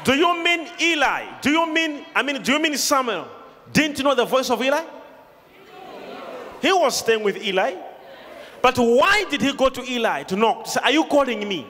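A man preaching a sermon to a congregation, shouting and calling for responses. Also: very high-pitched, expressive, moderate pace, long pauses. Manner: emphatic call-and-response preaching, often shouting. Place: large hall with a congregation. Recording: reverberant hall, crowd noise behind.

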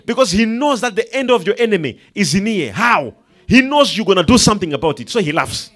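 A male preacher with a high, lively voice that leaps up and down across the pitch range. He moves between quiet, confiding asides and loud, emphatic proclamations, often acting out the people in his stories. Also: fairly quick. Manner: quotes and acts out characters in the story, laughing. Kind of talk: sermon.

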